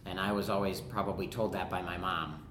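A man's voice: sits low, fairly even intonation, fairly quick, a bit bright, slight background noise. A man from southern Wisconsin with a Wisconsin accent and a nasal voice, who tends to mumble a little as he reads aloud and chats about himself. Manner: slightly mumbling. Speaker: theater actor. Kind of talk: reading aloud and casual personal talk. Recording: roomy echo.

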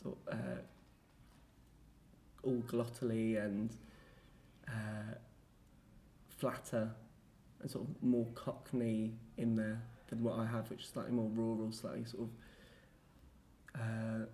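A man's voice: on the low side, slow, pauses often, a little hiss or hum. A young man with an Essex accent, talking casually and rambling about where he grew up, with plenty of fillers. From Essex, England. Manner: relaxed and rambling, with many fillers.

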